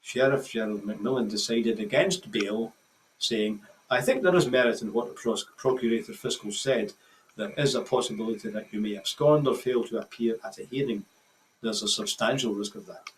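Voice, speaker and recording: Scottish male newsreader, measured delivery with small restarts; slightly distant mic, faint noise. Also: on the low side. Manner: measured reading with occasional stumbles and restarts. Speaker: news presenter. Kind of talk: read news bulletin.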